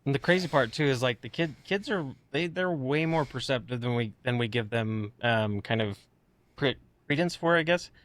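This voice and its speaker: A man co-hosting a podcast, jumping into casual chat with quick remarks. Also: medium pitch, a bit bright. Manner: chiming in with quick quips. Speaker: podcast co-host.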